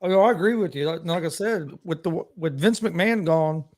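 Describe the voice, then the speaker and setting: A man's voice: fairly high pitch, fairly quick. A man hosting a sports betting podcast, chatting casually and agreeing with his co-host. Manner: relaxed, agreeable, laughs easily.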